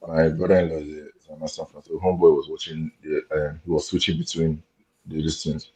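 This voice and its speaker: Give me a deep, husky man from Nigeria talking football, hesitant and hushed. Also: flat delivery, fast, rough recording. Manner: hesitant, with many fillers and restarts; keeping his voice down at night. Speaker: panelist. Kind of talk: casual chat. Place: home at night.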